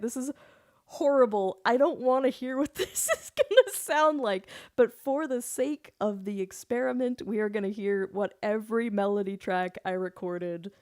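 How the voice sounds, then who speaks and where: A woman's voice: on the high side, a little mellow, no room sound, clean studio sound. A woman singer chatting casually on her live stream, giggly and loose, swearing now and then.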